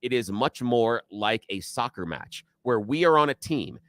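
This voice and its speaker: A man on a talk radio show, calmly explaining ideas step by step and agreeing with the host. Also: mid-range voice, moderate pace, dry recording, studio quality. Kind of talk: casual talk radio chat.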